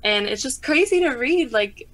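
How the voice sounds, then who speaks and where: A woman's voice: sits high, animated, normal speed, fairly bright tone. A young woman co-hosting a podcast, chatting casually and rambling with many fillers. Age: young adult. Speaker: podcast co-host. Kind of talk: casual chat.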